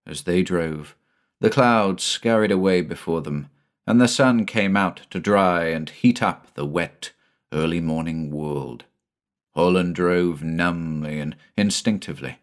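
Male audiobook narrator, deep and measured, somber.

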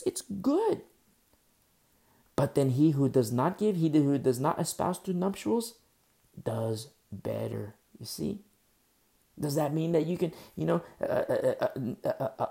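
Gravelly-voiced man preaching a sermon. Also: on the high side, warm tone. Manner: teaching verse by verse, repeating key phrases for emphasis; asks the listeners rhetorical questions. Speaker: pastor.

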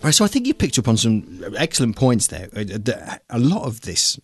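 A man's voice: mid-range voice, sing-song, moderate pace, husky, no echo, faint music behind. A man hosting a casual film podcast, rambling and hesitant, with many restarts. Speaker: podcast host.

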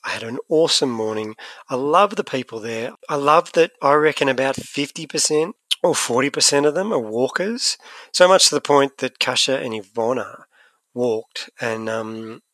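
A man's voice: mid-range voice, normal speed, fairly bright tone, dry recording. A man co-hosting a podcast, chatting casually and animatedly, often restarting his sentences. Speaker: podcast co-host. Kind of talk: casual chat.

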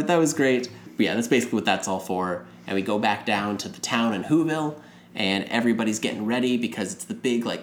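A man with a fairly low voice talks through a movie recap in a loose, rambling way, slipping into the characters' lines as he tells it. The room is noticeably echoey, and faint background noise sits under his voice. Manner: rambling, retells scenes with acted quotes. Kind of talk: casual movie recap chat.

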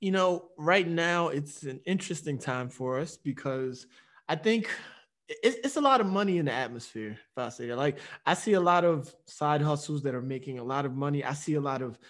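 Man podcast host, direct, steers topics, somewhat high-pitched. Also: lively intonation, moderate pace, a bit bright. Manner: direct, leads topics with questions. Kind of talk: casual podcast chat.

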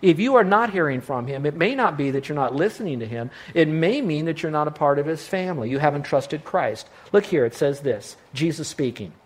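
A man preaching a sermon as pastor, emphatic and slowing down to stress the verses he quotes. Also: on the high side, animated.

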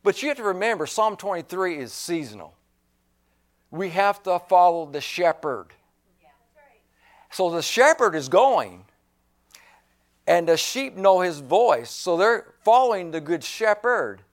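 A male pastor preaching a sermon, slow and emphatic, repeating key phrases and clearing his throat now and then. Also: high voice, big pitch swings.

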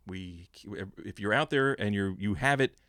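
A man co-hosting a podcast in casual chat, jokey and quick to banter. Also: on the low side, fairly bright tone, smooth, dry recording, clean studio sound. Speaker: podcast co-host.

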